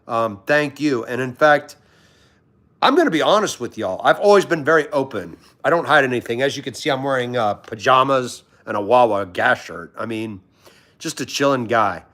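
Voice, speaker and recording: A man's voice: mid-range voice, pushed and bright. A man from Washington, D.C., hosting a casual livestream, chatting in a friendly, rambling way and greeting viewers by name. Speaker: livestream host. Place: at home in pajamas.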